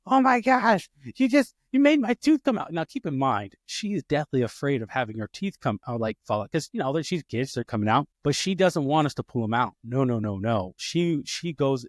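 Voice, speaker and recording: A man's voice: mid-range voice, animated, brisk, few pauses, dry recording, clean studio sound. A man hosting a podcast, chatting casually, rambling with many restarts and fillers, and acting out the dialogue he quotes. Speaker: podcast host. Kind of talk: casual conversation.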